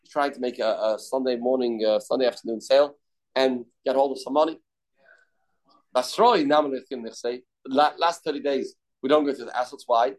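A man's voice: medium pitch, a little fast, low-quality recording. A man teaching a daily Talmud class, explaining loosely with restarts and of terms.

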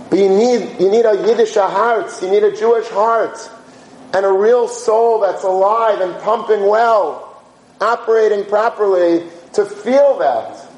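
A man giving an animated sermon-style talk to students, telling stories, asking rhetorical questions and mixing in Yiddish and Hebrew words. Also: high voice, measured pace. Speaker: yeshiva teacher giving a talk. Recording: roomy echo, faint background hum.

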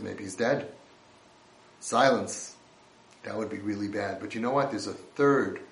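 Impassioned man preaching in a roomy space. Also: medium pitch. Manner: impassioned, swings from hushed to loud. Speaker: religious speaker. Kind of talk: sermon. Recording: roomy echo.

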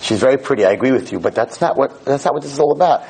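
A man's voice: mid-range voice, lively intonation, racing, a little mellow, breathy edge, poor audio. Fussy disapproving royal advisor, a man voices him. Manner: lecturing and objecting.

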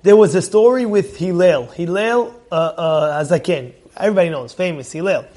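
A rabbi with a notably high voice for a man, teaching in a loose, chatty way. He tells anecdotes and throws questions out to the room, calling on people by name. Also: moderate pace, mellow. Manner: conversational, tells stories, quizzes the audience by name. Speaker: rabbi teaching a Torah class. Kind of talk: informal Torah lecture.

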